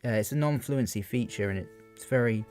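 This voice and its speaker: A man's voice: medium pitch, a little fast, darkish tone. A young man talking through a poem for revision, unscripted and hesitant, with many fillers. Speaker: student giving revision analysis. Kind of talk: unscripted spoken revision talk. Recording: faint guitar music behind.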